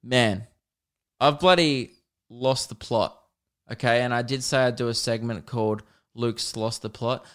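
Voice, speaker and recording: Young male comedian, solo podcast host, loose rambling delivery, salty language, mid-pitched. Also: measured pace. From Australia. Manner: rambling, swears often, laughs at his own stories. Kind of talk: casual solo podcast chat.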